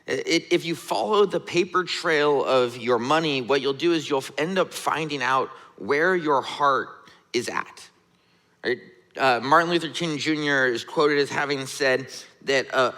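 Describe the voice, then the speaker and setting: Pastor preaching with a bright voice. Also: male voice, medium pitch. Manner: conversational, relatable preaching with frequent "right?". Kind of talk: sermon. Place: church sanctuary. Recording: church hall reverb.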